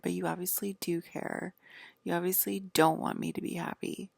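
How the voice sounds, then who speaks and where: This is a woman vlogger with a low-leaning, gravelly, slightly mellow voice, keeping a steady tone at normal speed on a dry recording. Her casual monologue rambles and curses, is packed with "like", and occasionally drops to a half-whisper.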